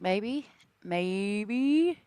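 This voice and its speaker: A woman chats slowly and casually on a livestream. She greets viewers by name and laughs easily. Her voice is smooth and clear, with a dry, close sound. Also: mid-range voice, animated, mellow, dry recording. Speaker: true crime livestream host.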